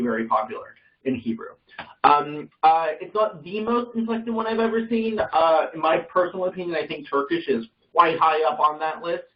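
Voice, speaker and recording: A man teaches a group over a video call in a somewhat high voice. He explains loosely, full of ums, likes and restarts, and often corrects himself mid-sentence. The sound is a little dull and muffled. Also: recorded from a distance. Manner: hesitant, with many fillers and self-corrections. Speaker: Bible study teacher. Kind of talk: casual online class explanation.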